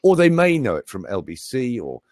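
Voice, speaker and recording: A man's voice: mid-range voice, huge pitch swings, moderate pace, a little mellow, no echo. A middle-aged British man, a voice coach, chatting in a jokey, show-off way. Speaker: voice coach and speaker. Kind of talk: casual live chat.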